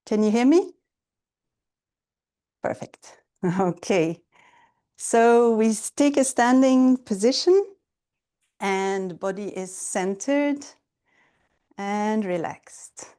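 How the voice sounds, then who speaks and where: Slow, mellow-voiced woman guiding qigong. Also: mid-range voice, smooth. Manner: gentle, calm, with hesitant fillers. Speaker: Chinese medicine therapist and qigong instructor. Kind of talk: online qigong class, guided instruction. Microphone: video call.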